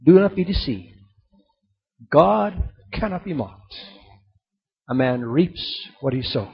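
Husky pastor preaching, lo-fi. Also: male voice, a little high, lively intonation, slow. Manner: storytelling, swinging between loud emphasis and soft drops. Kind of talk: sermon. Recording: dull lo-fi recording.

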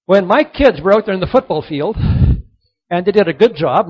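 A middle-aged man giving a motivational sermon to young people, emphatic and repetitive, sometimes dropping to a soft earnest tone. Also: high-pitched. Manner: emphatic, repeats key points, drops to soft earnest tones. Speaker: youth speaker. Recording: dull lo-fi recording.

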